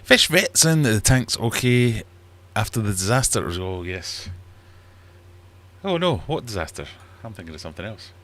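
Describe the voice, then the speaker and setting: A man's voice: on the low side, big pitch swings, moderate pace, fairly bright tone. A middle-aged man hosting a casual livestream chat from his fish room, rambling and self-deprecating. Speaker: livestream host. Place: small warm fish room at home.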